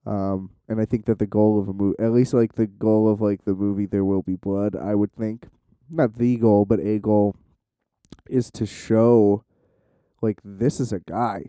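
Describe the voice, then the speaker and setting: A young man with a very dark, mellow voice, rambling loosely into a close, dry mic. He swears freely and keeps restarting his sentences, talking casually to the camera. His voice sits a little low and comes across smooth. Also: fairly even intonation, measured pace, dry recording. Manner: loose, profane, full of "like" and restarts. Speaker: vlogger.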